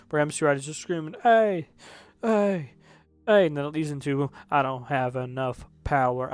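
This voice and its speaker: A man reviewing songs in casual commentary, rambling and correcting himself, with the odd swear word. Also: on the high side. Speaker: music reviewer.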